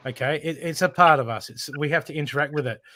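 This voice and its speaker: A man's voice: fairly high pitch, quick pace, dry recording. Emphatic man giving a card reading. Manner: emphatic, repetitive, casually swearing. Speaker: intuitive card reader and show host. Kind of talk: live spiritual card reading. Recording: steady background noise.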